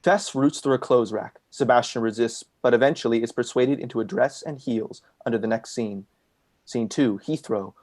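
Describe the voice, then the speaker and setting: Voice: mid-range voice, normal speed, a little mellow. Plain voice reading stage directions. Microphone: video call.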